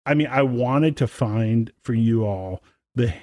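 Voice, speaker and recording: A young man co-hosts a podcast in loose, casual chat. He rambles enthusiastically, piling up fillers and restarts. His mid-pitched voice sounds dry and close, with no room around it. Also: measured pace, darkish tone, no echo. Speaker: podcast co-host.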